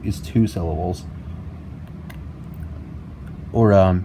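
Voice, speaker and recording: A young man explaining a music game tutorial in a halting way, repeating words and filling with "basically" and "like", recorded on a laptop mic at home. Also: deep voice, background noise. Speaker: tutorial maker. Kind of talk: casual screen-recorded tutorial.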